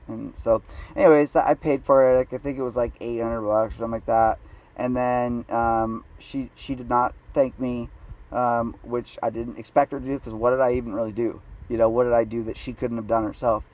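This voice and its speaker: A man's voice: mid-range voice, steady tone, fairly quick, a little mellow. Brief: male comic, satirical storytelling, rambling and self-deprecating, mid-range voice. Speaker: comedian.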